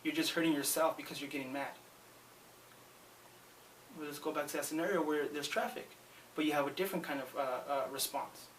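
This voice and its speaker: Male motivational speaker, slightly higher voice, earnest and emphatic, a bit distant from the mic with faint hiss. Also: fairly even intonation, a little fast, pauses often, a bit bright. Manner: earnest, emphatic, repeats words when starting sentences. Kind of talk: motivational talk to camera.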